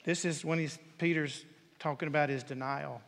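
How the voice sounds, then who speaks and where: A man with a high voice delivers a sermon from the pulpit, swinging between ringing declarations and near-whispers. His voice carries a long, lingering reverb off the walls of a large church sanctuary. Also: fairly even intonation, normal speed, vocal fry. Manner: dramatic swings from loud to whispered. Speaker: pastor.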